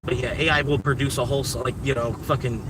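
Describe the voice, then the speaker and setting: A man's voice: mid-range voice, steady tone, quick pace. A man streaming live while driving deliveries, rambling to his chat and chuckling between thoughts. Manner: rambling, chuckles often, talks to chat and himself. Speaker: delivery driver streaming a ride-along. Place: inside a car while driving. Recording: distant mic with car road noise.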